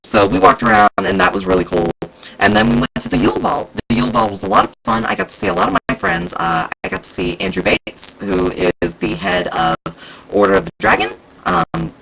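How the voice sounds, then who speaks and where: A man vlogging casually about a convention, rambling and excitable, with plenty of fillers. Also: sits high, brisk, creaky, low-quality recording. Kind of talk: casual chat recounting events.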